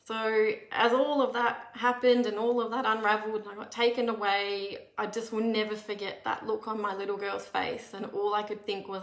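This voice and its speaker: A woman's voice: mid-range voice, level tone, moderate pace, hardly any pauses. A woman, earnestly telling a personal story in a candid, conversational way, with frequent restarts. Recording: echoey room.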